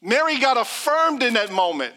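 A middle-aged pastor delivers a sermon in a very high voice at a moderate pace. He's an animated storyteller, acting out the people in his stories and voicing their quotes.

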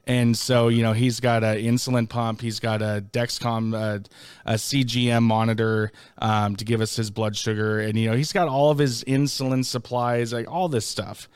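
A male educator in casual conversation, talking in an easygoing, halting way with lots of fillers. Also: medium pitch, little pitch movement, smooth, dry recording. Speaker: educator, podcast guest. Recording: dry, close sound.

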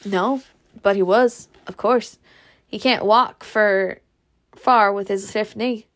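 A woman voicing a calm, kindly Southern gentleman near seventy, soft and reassuring in manner. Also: mid-range voice, takes it slowly, close to an everyday voice.

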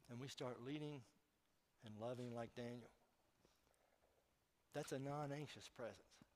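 A man's voice: medium pitch, a little mellow, a little hiss or hum. Guy preaching a sermon, storytelling, asks the crowd stuff, medium voice. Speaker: pastor.

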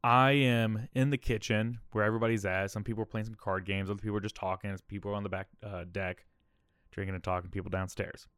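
Male podcast host, about thirty, candid and rambling as he tells a personal story, slightly low voice, dry sound. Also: little pitch movement, quick pace, a bit bright, clear, resonant tone, no echo. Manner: candid, rambling, keeps adding "all right?" and "okay?".

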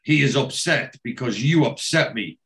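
A man doing a slow, broken-English gangmaster. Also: medium pitch, expressive, fairly bright tone. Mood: menacing. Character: foreign male gangmaster, menacing, broken English.

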